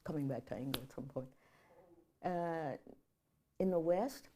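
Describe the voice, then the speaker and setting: A woman professor giving a public lecture, telling stories in a lively way and leading the audience in chanting. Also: low-pitched, unhurried, a little hiss or hum.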